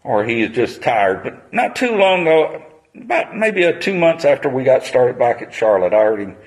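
A man's voice: medium pitch, very animated, moderate pace, low-quality recording. A man, preaching a sermon on a Bible passage in a conversational storytelling manner.

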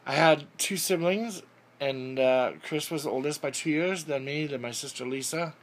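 A man's voice: fairly high pitch, normal speed. Middle-aged man from Southern California, interview guest, rambling and self-correcting. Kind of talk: casual life-story interview.

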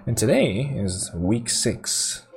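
A man's voice: fairly low pitch, big pitch swings, slow pace, gravelly. A young man hosting a casual podcast, rambling through stories with frequent laughter and restarts. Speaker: podcast host.

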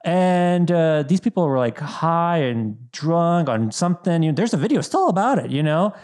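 A young man from Bosnia chatting casually, telling animated stories full of "like" fillers. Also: fairly high pitch, moderate pace. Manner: animated storytelling, lots of "like" fillers. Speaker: podcast guest, content creator. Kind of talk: casual chat.

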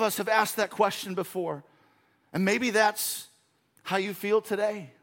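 Male pastor, high-pitched, earnest and emphatic sermon delivery. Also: fairly even intonation, unhurried, fairly bright tone. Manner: earnest preaching with emphatic repetition.

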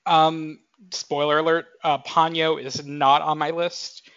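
A man's voice: on the high side, little pitch movement, slow, fairly bright tone, clear, resonant tone, no echo. A man in his twenties co-hosting a podcast in casual chat, rambling with lots of fillers and self-corrections. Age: 20s. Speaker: podcast co-host. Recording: dull, dry podcast mic audio.

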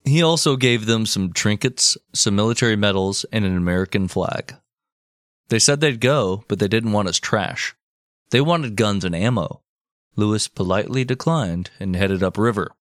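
A man's voice: fairly low pitch, normal speed, no echo, clean studio sound. A man hosting a comedy podcast, narrating history and breaking into crude joking asides. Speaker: podcast host telling history. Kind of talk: comic history storytelling.

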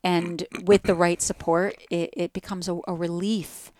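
Woman with a New Jersey accent, podcast guest, smooth and resonant tone, dry close sound. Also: lowish voice, level tone, measured pace, mellow, no room sound. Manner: reflective, spiritual, talks in metaphors. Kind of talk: casual podcast conversation.

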